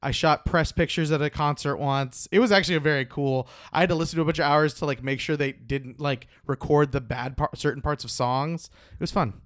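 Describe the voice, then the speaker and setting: A man's voice: on the high side, steady tone, fairly quick, hardly any pauses, a bit bright, dry recording, studio quality. A male podcast co-host talking in a laid-back, rambling way, full of fillers and laughs. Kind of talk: casual podcast chat.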